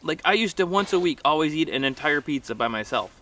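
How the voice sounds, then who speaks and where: A man's voice: a little high, lively intonation, fast, a bit bright. A man hosting his channel, chatting casually outdoors on a frozen lake in winter while eating and laughing, often talking with his mouth full. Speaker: channel host.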